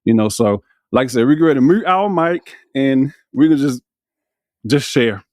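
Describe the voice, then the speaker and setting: A man's voice: medium pitch, expressive, normal speed, a little mellow, no room sound, studio quality. A man hosting a faith podcast, speaking fervently with many repeated "you know"s. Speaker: podcast host. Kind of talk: casual faith talk.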